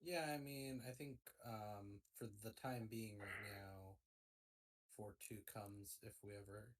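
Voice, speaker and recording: A man's voice: fairly low pitch, fairly even intonation, slow pace. A man playing a tabletop role-playing game, speaking hesitantly with many fillers. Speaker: player. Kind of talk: casual tabletop play.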